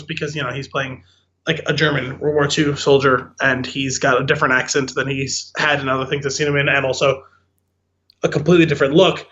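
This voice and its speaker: A man's voice: fairly high pitch, quick pace, a bit bright, highs cut off. A man co-hosting a podcast in casual movie chat, acting out his own reactions. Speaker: podcast co-host.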